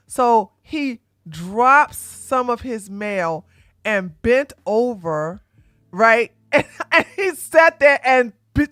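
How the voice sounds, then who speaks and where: A woman hosting her own channel, telling a casual story to her audience in an animated way and laughing often as she talks to the ladies. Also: a little high, no echo, clean studio sound. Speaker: commentary channel host.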